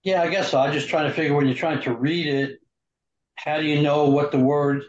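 An older man asks hesitant questions, his slightly high voice picked up dull and echoey from across the room. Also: fairly even intonation, fairly quick. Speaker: class participant.

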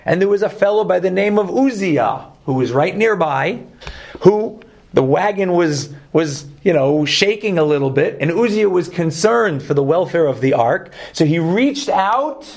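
Gravelly Brooklyn-accented Torah teacher. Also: male voice, high-pitched, moderate pace. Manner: lively, asks the class questions, jokes. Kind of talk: teaching a class.

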